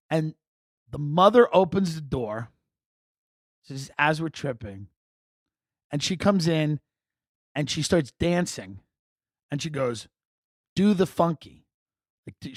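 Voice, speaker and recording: Middle-aged male comic, slightly high voice, dry close mic, profane animated storyteller. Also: moderate pace, long pauses, no room sound. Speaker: comedian podcast host.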